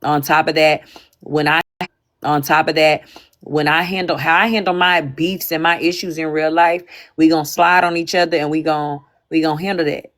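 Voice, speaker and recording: Low-voiced candid woman livestreaming. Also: flat delivery, normal speed, fairly bright tone. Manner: candid, repetitive, emphatic with frequent restarts. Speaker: livestream host. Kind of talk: casual livestream chat.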